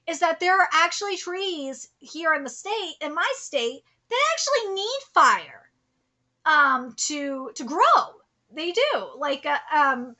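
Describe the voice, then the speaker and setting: A woman's voice: very high voice, pushed and bright. A woman in her thirties from California, giving live reaction commentary in a blunt, profane, impassioned way. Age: 30s. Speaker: manga reaction streamer.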